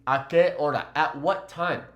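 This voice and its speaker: A man in his twenties teaching a language lesson, explaining phrases in a lively way. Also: a little high, normal speed, lo-fi sound. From California. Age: 20s. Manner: lively explaining, switches between English and Spanish. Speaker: Spanish teacher.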